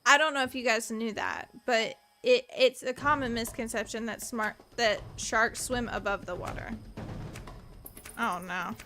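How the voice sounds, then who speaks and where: Brief: young woman streamer from the South, high bright voice, excitable and jokey, faint game music. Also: unhurried. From Southern United States. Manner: excitable, laughs and gasps a lot, jokey. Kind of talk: casual gameplay commentary.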